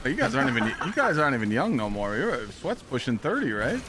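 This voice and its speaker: Thirties male streamer, easygoing and jokey, average pitch, heavy background noise. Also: very animated, fast. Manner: laid-back, joking banter. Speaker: streamer playing with friends. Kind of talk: casual gaming chat. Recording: noisy game stream audio.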